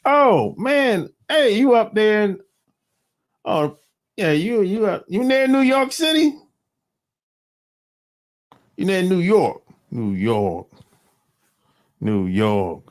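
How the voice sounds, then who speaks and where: A man talks casually to his viewers, rambling and cursing as he goes. His pitch sits a touch high and swings all over the place. He takes it slow and unhurried. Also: animated. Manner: rambling and profane, laughs often. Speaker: livestream host.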